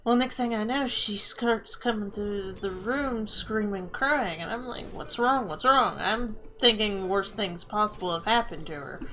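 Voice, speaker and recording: A woman's voice: mid-range voice, measured pace, hardly any pauses, poor audio. A woman streamer in casual chat, telling embarrassing stories with lots of laughter. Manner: laughing storyteller, animated. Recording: faint music behind.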